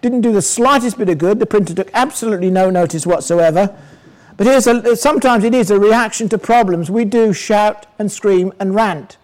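Older man, high-pitched, sermon, conversational preacher, asks the congregation questions. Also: moderate pace, darkish tone, low-quality recording.

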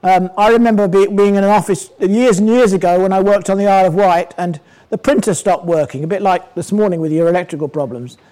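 An older man from England preaching a sermon in a conversational way, asking his congregation questions and slowing down to stress scripture. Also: sits high, dark tone, low-quality recording.

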